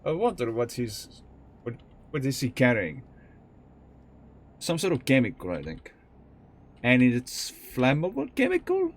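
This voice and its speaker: A man's voice: mid-range voice, huge pitch swings, unhurried, pauses often. A young man streaming live from home, chatting casually while he plays, rambling candidly and swearing freely as he thinks aloud. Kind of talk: casual live-stream chat while playing a truck game.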